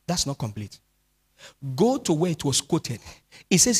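A man preaching a midweek sermon as pastor, swinging between speech and sung, drawn-out phrases. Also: medium pitch, big pitch swings, slightly rough. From Nigeria.

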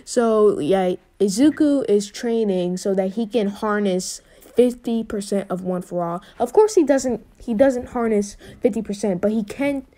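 A young woman casually retelling a fan what-if story in a mellow, warm voice. She rambles, restarts and fills pauses with ums as she goes. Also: mid-range voice. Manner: rambling, with many fillers and restarts.

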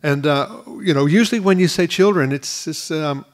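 An earnest pastor preaches a sermon in a school hall that serves as a church, his voice a little high and his pace normal. When he restarts a phrase, he repeats words.

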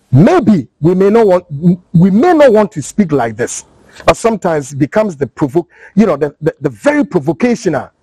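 A man's voice: sits high, darkish tone, no echo, poor audio. A man with a Ghanaian accent giving fiery political commentary, mixing in rhetorical questions. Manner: fiery, switching between English and Twi, rhetorical questions. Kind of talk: impassioned commentary.

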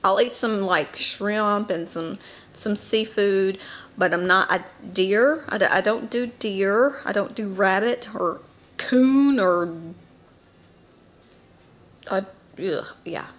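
A woman's voice: medium pitch, slow pace. A woman in her thirties from the Southern United States with a Southern US accent, chatting casually to the camera at home as a mom vlogger, rambling with lots of ums and asides.

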